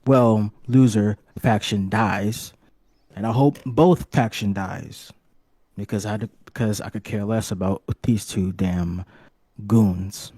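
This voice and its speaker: Rambling low-voiced male host. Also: fairly even intonation, mellow, no echo. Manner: rambling, halting, profane. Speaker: press conference host. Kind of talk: comedic hobby role-play.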